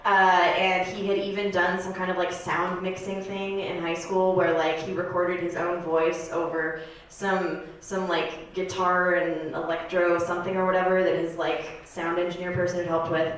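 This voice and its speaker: A woman of thirty doing a stand-up comedy set on a club stage, rambling and deadpan, with plenty of filler words. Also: lowish voice, moderate pace, hardly any pauses, slight background noise. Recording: echoey club room from far off.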